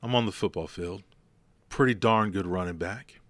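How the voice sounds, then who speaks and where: A man's voice: deep voice, moderate pace, a bit bright, no room sound. A man hosting a motivational podcast, talking bluntly and telling stories with emphasis. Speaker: podcast host.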